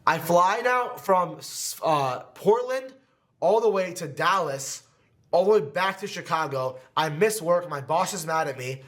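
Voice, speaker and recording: A man's voice: a little high, animated, a little slow, a bit bright. A young man from New Jersey telling a candid, emotional personal story to camera in his home podcast studio, with many fillers. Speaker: competitive gaming creator.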